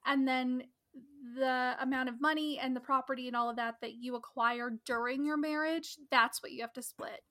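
A woman's voice: high-pitched, fairly even intonation, moderate pace, sharp tone. A woman hosting a podcast, chatting casually and outspokenly with many "like"s. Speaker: podcast host. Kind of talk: casual chat.

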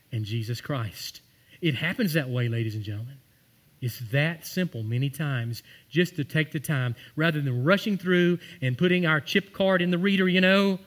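A man preaching a sermon, telling stories and building to emphatic scripture quotes. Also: fairly high pitch. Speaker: pastor.

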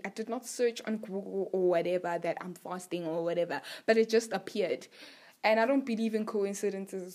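A young woman vlogging about her faith, telling a personal story in a chatty, animated way with lots of fillers. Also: medium pitch. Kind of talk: casual personal testimony.

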